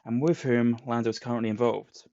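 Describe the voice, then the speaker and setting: Recapping a comic's plot on a podcast he co-hosts, this man drops in put-on quotes as he goes. He has a medium-pitched, steady, slightly mellow voice and talks a little fast. The lo-fi recording sounds dull, with no echo.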